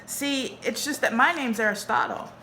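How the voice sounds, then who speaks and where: A woman's voice: high-pitched, moderate pace, bright, forceful tone, slight background noise, pitched above the performer's own voice, low-quality recording. A woman reading aloud, voicing a wry, guarded teenage boy.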